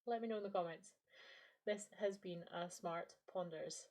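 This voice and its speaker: A woman's voice: fairly low pitch, normal speed, darkish tone. A Scottish woman in her late twenties or thirties, hosting a podcast with a reflective, playful, self-deprecating monologue. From Scottish Highlands. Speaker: podcast host and lecturer.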